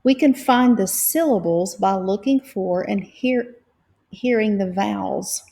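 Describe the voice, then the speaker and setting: A woman teaching reading at a slow, careful pace, breaking words into syllables and spelling out letters. Her voice has a gravelly edge of vocal fry, and her tone stays patient throughout. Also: mid-range voice, mellow. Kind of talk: slow, clear phonics lesson.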